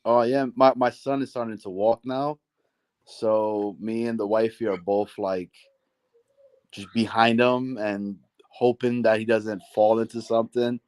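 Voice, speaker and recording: A man's voice: fairly low pitch, steady tone, measured pace, a little mellow, dry recording. A young man, a guest on a casual live stream, chatting in an easygoing way. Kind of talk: casual chat.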